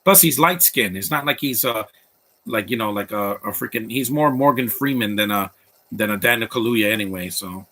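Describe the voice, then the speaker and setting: A man's voice: on the low side, normal speed, pushed and bright, slight background noise. A man hosting a live movie commentary stream, blunt and opinionated, rambling with restarts.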